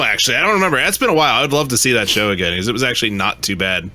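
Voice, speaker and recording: A man's voice: medium pitch, racing, pushed and bright, dry recording. A man co-hosting a podcast, telling stories in loose casual chat with casual swearing. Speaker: podcast co-host.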